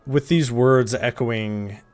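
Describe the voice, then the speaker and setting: A man narrating a tabletop fantasy game as game master, in slow dramatic storytelling. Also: mid-range voice, darkish tone, faint music behind.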